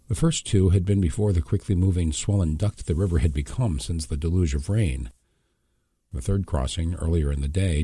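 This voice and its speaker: Deep-voiced man, measured audiobook reader, dark husky tone. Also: no room sound, studio quality. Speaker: audiobook narrator. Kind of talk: scripted narration.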